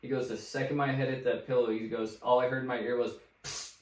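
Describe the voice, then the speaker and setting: A young adult man, co-host of a casual podcast, telling a spooky story in a relaxed, swearing, filler-heavy way. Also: medium pitch, fast talker. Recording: roomy sound, distant from the mic.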